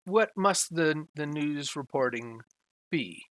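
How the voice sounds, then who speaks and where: A man's voice: on the high side, expressive, fairly bright tone, pitched above the performer's own voice. A man voicing a courteous male AI assistant, putting on a British manner with a raised voice. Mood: probing. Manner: courteous, measured, logical.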